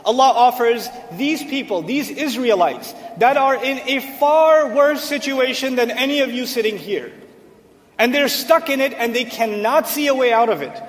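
A man with a strikingly high voice delivers an emphatic sermon, repeating key phrases to drive them home. His words ring out with a long reverb, as in a large hall. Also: expressive, moderate pace. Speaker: Islamic preacher. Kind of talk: sermon explaining Quranic Arabic. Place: hall with a seated audience.

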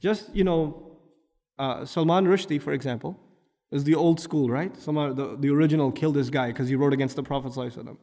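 A man's voice: a little high, a little mellow, long reverb tail. A man preaching a sermon, firing off rhetorical questions and building to emphatic peaks. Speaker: Islamic preacher.

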